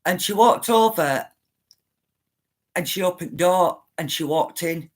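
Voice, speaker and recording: A woman's voice: lowish voice, lively intonation, slow pace, pauses often. Middle-aged woman, earnest and insistent storyteller addressing her viewers. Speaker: spiritual livestreamer.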